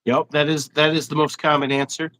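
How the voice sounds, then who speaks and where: A man's voice: on the high side, flat delivery, fairly quick, pushed and bright, rough recording. A man hosting a casual fishing livestream interview, chatty and rambling, laughing often. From Wisconsin. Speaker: host.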